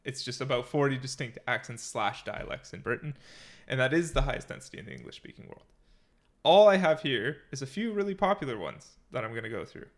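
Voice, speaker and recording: Man, podcast co-host, easygoing rambling chat, mid-pitched, chuckles a lot. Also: lively intonation, a little fast. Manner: chatty, rambling, laughs often. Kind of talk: casual chat.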